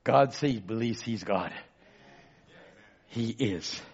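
A pastor preaching a sermon. He drops to a murmur, then shouts for emphasis and calls out to the congregation for amens. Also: takes it slowly, husky, highs cut off. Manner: swings between low murmurs and loud shouted emphasis.

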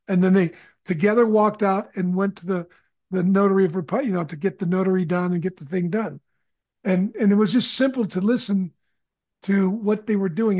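A middle-aged man, a guest on a podcast, telling anecdotes in a relaxed way, often restarting his sentences. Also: high-pitched. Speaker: guest, conflict consultant. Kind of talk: conversational storytelling.

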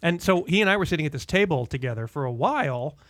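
A middle-aged man telling animated, laughing anecdotes as a guest on a casual podcast. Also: a little high, fast, no echo, studio quality.

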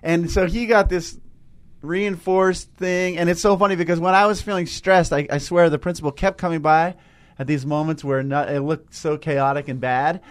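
A teacher with a fairly high, steady voice tells a story during a casual spiritual chat, rambling and halting with many restarts and hesitations.

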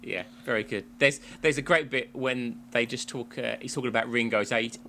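A man's voice: mid-range voice, fairly even intonation, normal speed, sharp tone, a little hiss or hum. A man from England co-hosting a casual chat podcast, rambling with restarts and frequent laughs. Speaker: podcast co-host.

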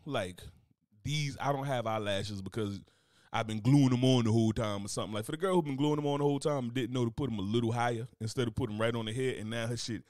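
A man in casual comedic chat, animated and slangy, acting out quotes in voices. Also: medium pitch, quick pace, no echo, studio quality.

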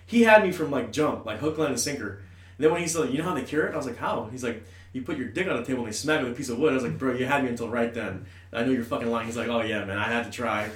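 A man's voice: mid-range voice, racing. A man on a podcast telling crude stories, laughing and stumbling over restarts. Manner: rambling, laughing, stammering restarts. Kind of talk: crude casual chat. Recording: roomy, distant mic, faint noise.

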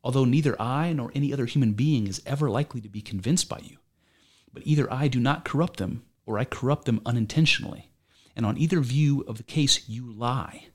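Older male philosopher on trial, man reading, argumentative and probing, mid-pitched, amateur read. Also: brisk, darkish tone, natural voice. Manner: argumentative, probing rhetorical questions. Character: aging male philosopher defending himself in court.

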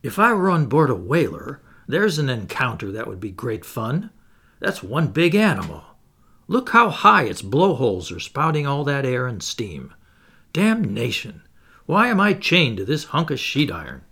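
A brash Canadian harpooner, loud and blustering, his voice gravelly and swinging up and down, as a man puts him on for an audiobook. A grown seaman who gets worked up fast and argues hard. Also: mid-range voice, huge pitch swings, full character voice.

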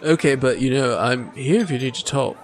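A man voicing a boastful Aasimar hero in a tabletop game, loud and aggressively encouraging. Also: mid-range voice, a little fast, some chatter behind, natural voice. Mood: pep-talking. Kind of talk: tabletop role-play in character.

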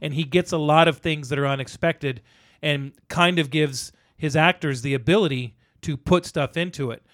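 Rambling, animated male podcast host. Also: fairly high pitch, normal speed. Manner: rambling, animated storyteller, acts out quotes. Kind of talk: casual movie chat.

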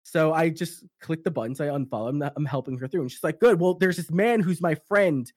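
Man, casual storytelling, profane and animated, higher voice, dry close sound. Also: a little fast, no echo.

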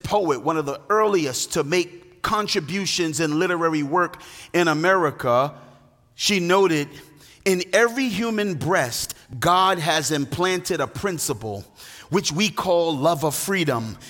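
Man, pastor, high voice, emphatic sing-song preaching, long hall reverb. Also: animated, fairly bright tone. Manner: emphatic preaching with sung, drawn-out phrases. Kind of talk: sermon.

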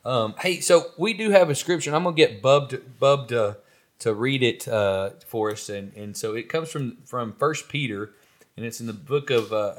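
A man co-hosting a casual podcast, animated and joking, often lifting his voice. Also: medium pitch. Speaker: podcast co-host. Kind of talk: casual chat.

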